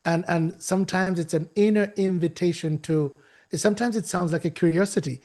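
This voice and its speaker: A man's voice: high-pitched, a little fast, darkish tone. A man giving an emphatic, preacherly motivational talk to young people, often restarting and repeating words. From Uganda. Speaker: guest speaker and author.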